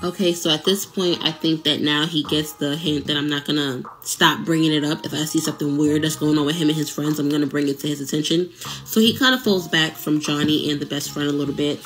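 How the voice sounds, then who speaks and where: A young adult woman hosting a podcast, telling a personal relationship story in a casual, animated way with asides to listeners. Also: low-pitched, a little fast. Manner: animated, conversational, many fillers and asides to listeners.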